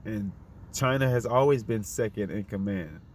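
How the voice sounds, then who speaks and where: A man's voice: fairly low pitch, expressive, normal speed, darkish tone, a little hiss or hum. A man delivering a fiery, profane, unscripted monologue, firing off rhetorical questions in a preachy tone.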